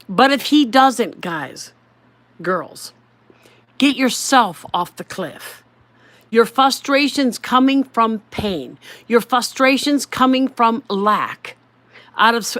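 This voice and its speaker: A woman's voice: on the high side, a bit bright, no echo. A middle-aged woman giving a personal devotional talk, earnest and emphatic, repeating phrases for stress. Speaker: devotional speaker.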